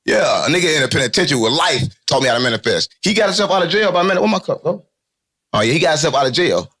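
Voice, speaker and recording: Animated high-pitched man, rapid street talk. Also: breathy edge. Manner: animated, swearing, jokey, repeats catchphrases. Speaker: interview guest.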